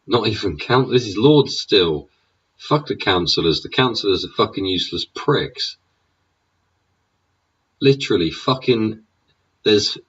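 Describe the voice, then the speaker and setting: A man's voice: deep voice, fairly bright tone, breathy edge, distant mic. An English man in a sweary, sneering political rant, throwing in "yeah?" and "innit?" as he goes. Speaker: vlogger. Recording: dull sound, away from the mic.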